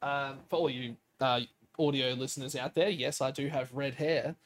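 Young man, casual podcast chat, lively storyteller, mid pitch. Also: normal speed. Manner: animated storytelling, acts out quotes; swears casually. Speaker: podcast co-host, streamer.

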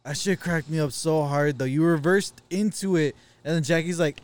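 Male co-host, higher voice, casual and profane, laughs a lot. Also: moderate pace, clear, resonant tone, dry recording. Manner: laughing often, profane teasing. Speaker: podcast co-host. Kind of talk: casual chat.

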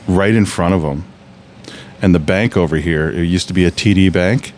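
A man's voice: sits low, normal speed, darkish tone, a little hiss or hum. A man telling stories in a casual podcast chat, rambling and restarting often.

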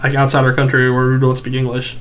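A man's voice: medium pitch, completely flat delivery, fast, fairly bright tone, slight background noise. A young man chatting casually, laughing often, swearing, and acting out the people in his stories. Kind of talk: casual chat.

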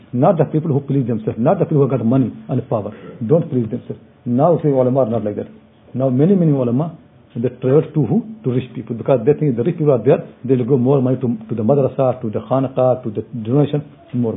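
Preacher guy, talks quick, earnest, repeats himself a lot, sounds like a phone line. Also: medium pitch. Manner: earnest, repetitive phrasing with frequent restarts. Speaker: Islamic scholar teaching tafsir. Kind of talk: sermon-style Quran commentary. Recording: tinny phone-like audio.

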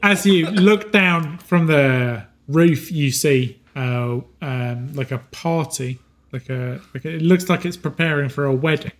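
Brief: male game master, voice a touch high, halting delivery full of ums, slows down for grim scenes. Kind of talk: narrating a tabletop game.

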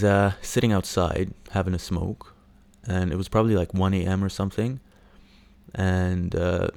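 A man hosts a casual solo podcast in a low, creaky, darkish voice with a dry recording. He rambles with plenty of fillers, swears, and does mocking impressions.

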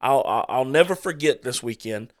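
A man's voice: medium pitch, lively intonation, normal speed. A man co-hosting a casual sports chat, rambling and passionate, prone to getting fired up. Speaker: podcast co-host.

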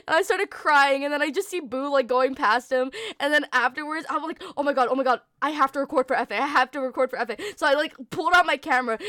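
A young woman hosting a casual podcast chat, an excitable, giggly storyteller. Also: high-pitched, no echo, clean studio sound. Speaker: podcast host.

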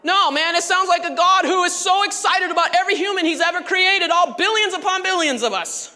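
A woman pastor preaching a sermon in a church, animated and conversational with laughing asides. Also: extremely high pitch, fairly quick, in a large hall.

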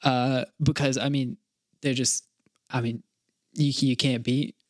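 A young man from North Carolina rambles through a casual podcast chat, excitable and full of restarts and fillers. His pitch sits in a middling range. The sound is dry and close, with no room around it. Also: a little slow, no echo. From North Carolina, USA. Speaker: podcast co-host.

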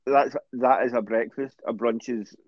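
A man's voice: mid-range voice, steady tone, a little slow, dry recording. Scottish man on a dull lo-fi mic. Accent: Scottish, Greenock. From Scotland. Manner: blunt, anecdotal. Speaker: co-host. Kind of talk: casual podcast chat. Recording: dull lo-fi dry recording.

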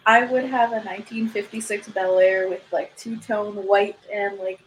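A woman chatting casually on a podcast, relaxed and easygoing. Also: mid-range voice, normal speed, a little hiss or hum, low-quality recording. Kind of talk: casual chat.

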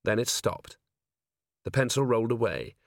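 A male narrator reading an audiobook with a very animated, lively pitch. The recording is dry and close, with nothing behind him. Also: moderate pace, vocal fry, dry recording. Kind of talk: scripted narration.

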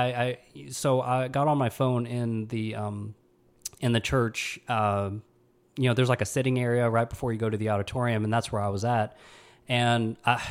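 A man in his thirties from Mississippi, hosting a podcast and telling a personal story in a somber, halting way with many restarts. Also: medium pitch, clean tone. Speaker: podcast host.

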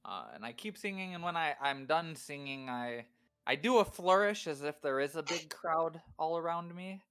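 A man's voice: on the high side, animated, normal speed, fairly bright tone, clear, resonant tone. A man playing a tabletop game, casually describing what his character does. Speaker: player.

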